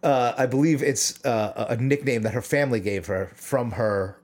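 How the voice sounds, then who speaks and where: A man's voice: medium pitch, normal speed, a little mellow. A man, telling a rambling story in casual chat on a podcast, often restarting and chuckling. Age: 40s. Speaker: podcast co-host.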